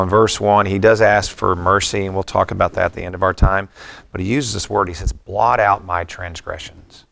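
A middle-aged man delivers a sermon in a reflective, conversational manner. His voice sits very low and has a gravelly, fry-laden edge, and he moves between scripture and personal stories. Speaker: pastor.

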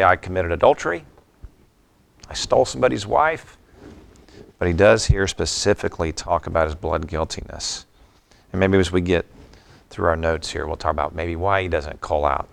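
Middle-aged guy preaching, really low voice, gravelly, chatty and reflective. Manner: reflective, conversational preaching with personal stories. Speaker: pastor. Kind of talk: sermon.

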